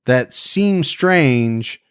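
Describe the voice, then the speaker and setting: Male podcast cohost, animated chatty delivery, dry close sound. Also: medium pitch, extremely slow, clear, resonant tone, dry recording. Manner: conversational, animated, emphatic. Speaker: podcast host. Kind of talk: casual chat.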